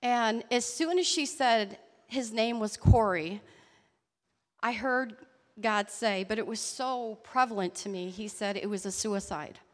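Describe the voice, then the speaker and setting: A woman telling a personal faith story in an earnest, halting way. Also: on the high side, in a large hall. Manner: earnest, halting storytelling with restarts and soft laughs. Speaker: church member sharing a testimony. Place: church hall.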